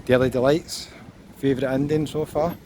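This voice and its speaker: A man's voice: medium pitch, normal speed. Chatty Scottish man walking a street. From Scotland. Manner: chatty, relaxed tour guide, pointing out places as he walks. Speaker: walking tour vlogger. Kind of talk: casual walking commentary. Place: outdoors on a resort street. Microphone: handheld camera while walking. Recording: street noise behind the voice. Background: outdoor traffic and street ambience.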